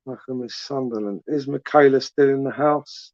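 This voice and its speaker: A chatty southern English man from England hosts a livestream, reading comments in a casual, teasing, rambling way. His mid-range voice moves at normal speed with few pauses and no room sound, and the recording is dry, dull, and lo-fi.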